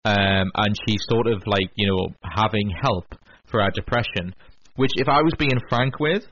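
A man's voice: on the low side, normal speed, a bit bright. A man co-hosting a radio show, chatting casually and rambling with lots of fillers and restarts. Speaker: podcast co-host. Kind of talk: casual chat. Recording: lo-fi radio broadcast with faint hiss.

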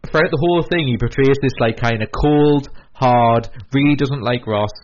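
A man's voice: mid-range voice, moderate pace, darkish tone, highs cut off, slight background noise. A man in casual chat who rambles with many fillers and restarts and acts out quoted lines.

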